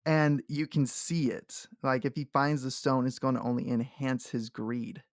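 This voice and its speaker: A man co-hosting a casual podcast who laughs often and acts out quotes from the show in animated bursts. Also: medium pitch, unhurried, no echo, clean studio sound. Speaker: podcast co-host. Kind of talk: casual chat.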